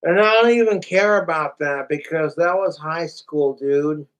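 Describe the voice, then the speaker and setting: A man's voice: on the high side, a little slow, poor audio. A young man ranting profanely and rambling on a casual livestream, talking straight to his chat.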